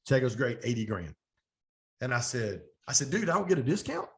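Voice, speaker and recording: A middle-aged man, a business coach and guest on an interview show, telling stories with energy and acting out the quoted talk of others. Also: mid-range voice. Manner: energetic, fast storytelling with animated quoted dialogue. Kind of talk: storytelling interview.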